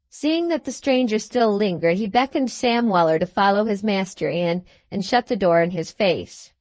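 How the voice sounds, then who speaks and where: A woman's voice: mid-range voice, lively intonation, normal speed, few pauses, a little mellow, no echo. Woman narrating a classic novel, dry sound. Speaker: audiobook narrator. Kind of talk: scripted audiobook narration.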